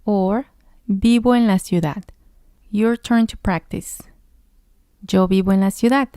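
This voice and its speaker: A woman leads a beginner language lesson at an unhurried pace, asking a question, answering it and leaving space for repetition. Her voice is mellow and close. The sound is dry, with no room around it. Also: mid-range voice, steady tone, no echo. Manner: patient, asks a question then answers it, pauses for the learner to repeat. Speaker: Spanish teacher. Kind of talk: slow, patient language lesson.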